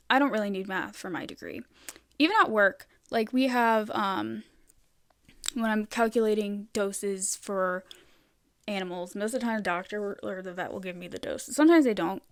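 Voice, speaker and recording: A woman's voice: medium pitch, a little fast, dry recording, studio quality. A young woman hosting a solo podcast, rambling casually with lots of "like" and heavy swearing. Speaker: podcast host.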